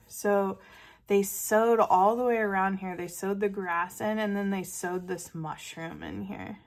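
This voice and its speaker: A woman hosting a casual art video, narrating artwork she received and gushing over it with frequent fillers and small laughs. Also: mid-range voice. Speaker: art channel host. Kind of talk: casual show-and-tell narration.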